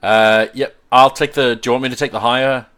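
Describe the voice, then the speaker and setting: A man playing a tabletop game, talking quickly and agreeably, trailing off quietly. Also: medium pitch, fairly even intonation, slight background noise. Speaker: player. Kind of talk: casual chat over a game.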